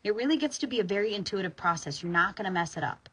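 A woman with a bright, breathy voice leads a guided tapping session in a relaxed, informal way. She sighs out loud on the exhales and sometimes leans hard on a phrase for emphasis. Her pitch sits in an ordinary middle range. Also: fast, poor audio. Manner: soothing, sighing, informal with bursts of emphasis.

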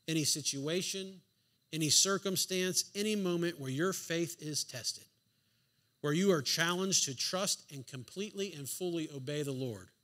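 Guy preaching a sermon, kinda high and bright, keeps firing off questions, dry jokes here and there. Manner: emphatic, rhetorical questions; dry sarcastic asides. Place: church sanctuary.

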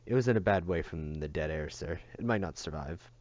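A man voicing a second, jumpy male farm patrolman in a storybook reading, with excitable exclamations. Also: deep voice, brisk, no room sound, muffled recording, close to an everyday voice. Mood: explaining.

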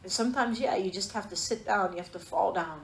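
A woman's voice: mid-range voice, brisk, vocal fry. A woman Bible teacher giving a sermon, telling personal stories in an earnest, emotional way. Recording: echoey room.

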